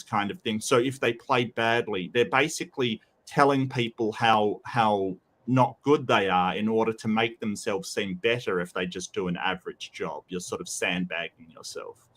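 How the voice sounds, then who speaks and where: A man's voice: fairly low pitch, moderate pace, fairly bright tone. A man with a Western Australian accent, co-hosting a debate review in casual, rambling chat. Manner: rambling, many restarts and quoted asides.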